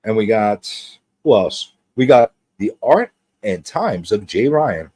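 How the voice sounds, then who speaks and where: A man's voice: fairly low pitch, lively intonation, slow pace, mellow, breathy edge, no echo. A man hosting a casual livestream chat, greeting viewers one by one with a rambling, teasing, joking manner. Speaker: host.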